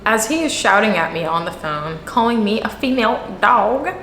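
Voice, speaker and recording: Woman, vlogger, casual storytelling, sarcastic, animated, echoey room. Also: mid-range voice, moderate pace, slight background noise.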